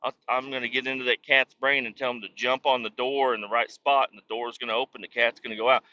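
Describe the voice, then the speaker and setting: A man's voice: medium pitch, level tone, quick pace, highs cut off, natural voice. A man voicing God as a chatty, scheming fellow in a comic story.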